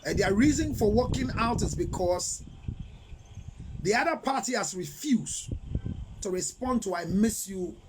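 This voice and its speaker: A Ghanaian man counseling on relationships in a live talk, animated and preachy, switching between English and Twi and reading out viewer comments. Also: high-pitched, unhurried, noisy background. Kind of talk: live-streamed advice talk.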